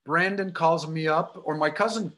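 A man's voice: on the high side, normal speed, pushed and bright. A man with a Chicago accent giving a storytelling library talk as a guest speaker, full of anecdotes. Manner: anecdotal, acts out quoted voices.

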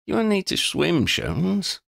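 Male narrator doing a decisive young woman leader, kind but firm, storybook reading with a low gravelly base voice. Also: huge pitch swings, slow pace, a bit bright, no room sound, clean studio sound, full character voice. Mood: firm, reassuring. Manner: reassuring, decisive. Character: young witch leading a group, calm, firm, kind.

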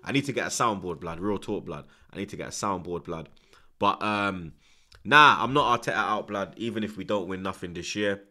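On his football watchalong live stream, a young man chats animatedly in a low, sharp-toned voice, talking fairly quickly. Slang and repeated tag words run through his match commentary.

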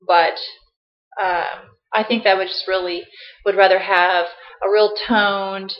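A woman's voice: medium pitch, flat delivery, slow. A woman chatting casually and playfully to her laptop webcam, teasing herself as she goes. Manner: playful, self-mocking, chatty. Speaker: vlogger. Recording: roomy, slightly dull laptop audio.

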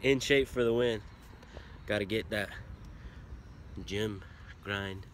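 A man's voice: fairly low pitch, slow, fairly bright tone, a little hiss or hum. A young man casually vlogging, joking and rambling about his day as he films himself on a phone. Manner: joking, rambling, self-mocking. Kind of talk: casual vlog chat. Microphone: phone camera.

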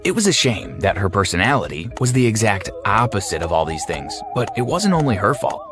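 A man narrating a scripted animated story in a wry, sardonic way. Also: fairly low pitch, fairly quick. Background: faint music.

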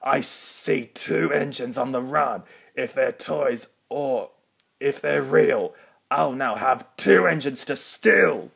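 A man voicing a huge menacing giant, chanting loudly in a storybook reading. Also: slow pace, creaky, slightly rough, full character voice. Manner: loud, booming chant.

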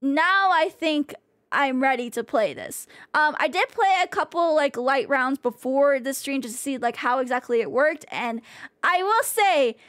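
High-voiced bubbly woman streamer. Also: animated, measured pace, a bit bright, no echo, studio quality. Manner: bubbly, chatty, swears casually, rambles. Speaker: VTuber streamer. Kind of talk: casual livestream chat with viewers.

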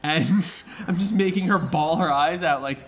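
A man casually telling a funny tabletop game story to friends, animated and laughing, acting out shouted lines. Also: a little high, a little slow.

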